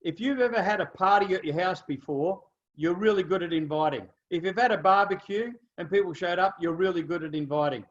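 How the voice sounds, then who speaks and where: A man's voice: sits high, a little fast, few pauses, muffled recording. An Australian man giving a motivational training talk, telling stories animatedly and checking in with his listeners often. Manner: animated storyteller, acts out dialogue, keeps checking in with "okay?" and "right?". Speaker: business trainer.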